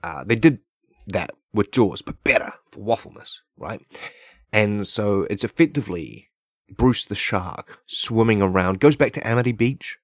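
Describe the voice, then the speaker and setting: A man with a fairly low voice rambles through a comedic podcast monologue, piling up fillers and asking "right?" to nobody. He praises silly ideas with deadpan, mock-earnest sincerity. The mic sound is close and dry, with no room around him. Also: measured pace, dry recording. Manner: loose, filler-heavy riffing with many "like" and "right?". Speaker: podcast host. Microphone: podcast microphone.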